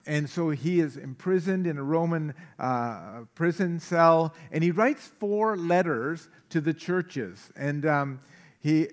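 A middle-aged man preaching a sermon as pastor, conversational, with humorous asides and frequent fillers. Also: fairly high pitch.

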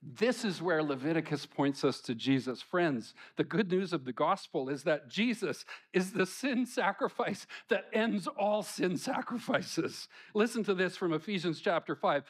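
A man's voice: high voice, expressive, a little slow, hardly any pauses, slightly rough. A man preaching a conversational sermon to his church, lifting his voice when he reads scripture. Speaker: pastor.

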